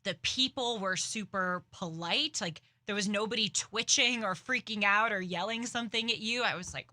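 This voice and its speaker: Bright, animated young woman host. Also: mid-range voice, normal speed, few pauses, dry recording. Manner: animated storytelling, dramatic, self-aware. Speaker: commentary show host. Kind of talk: casual political commentary.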